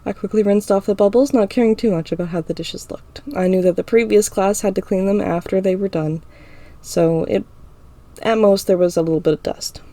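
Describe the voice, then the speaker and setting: A woman's voice: mid-range voice, a little fast, warm tone. A woman reading a first-person story aloud as an audiobook in a casual, unpolished way. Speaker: audiobook narrator.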